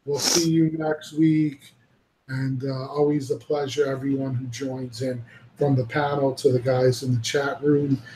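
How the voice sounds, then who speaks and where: A man's voice: medium pitch, flat delivery, unhurried, mellow, roomy sound, a little hiss or hum, low-quality recording. A man hosting a casual panel chat, rambling and swearing freely as he talks and laughs easily. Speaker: podcast host.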